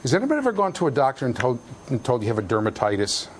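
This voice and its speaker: A man's voice: medium pitch, very fast, slight background noise. A middle-aged man giving a university classroom lecture, joking with students and raising his voice to stress points. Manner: animated, jokey, shouts for emphasis.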